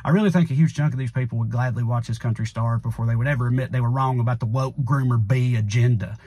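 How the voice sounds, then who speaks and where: A man's voice: medium pitch, fast, warm tone, breathy edge, dry recording. A man with a Southern US accent delivering a sarcastic satirical comedy monologue as a channel host, drawling with punchy asides.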